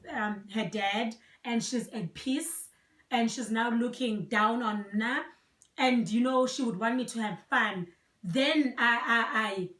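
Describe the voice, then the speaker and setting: A young woman from South Africa speaks with a Xhosa accent, her voice a little high and set back from the mic. The room around her rings with echo. She talks in a soft, reflective, earnest way, mixing Xhosa into English. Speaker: vlogger. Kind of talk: personal storytelling, code-switching. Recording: echoey room, voice from a distance.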